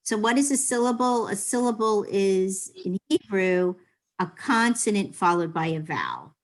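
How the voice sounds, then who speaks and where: A woman's voice: mid-range voice, sing-song, normal speed. A woman teaching a beginners' Hebrew class over a video call, explaining patiently.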